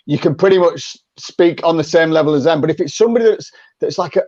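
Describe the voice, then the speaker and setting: A man talks as a guest on a podcast, chatty and quick to act out sample phone calls, stumbling over repeated words as he restarts. His voice sits a little high. The sound is dry and lo-fi, like a video call. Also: mellow, no echo. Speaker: podcast guest, sales coach. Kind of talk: conversational interview.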